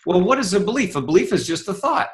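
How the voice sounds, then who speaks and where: A man in his fifties tells his story as an interview guest, voicing the people in it with sudden jumps upward. His voice sits a little high for a man. He speaks with the ease of a seasoned speaker. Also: quick pace. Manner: animated, acts out quoted dialogue with rising pitch.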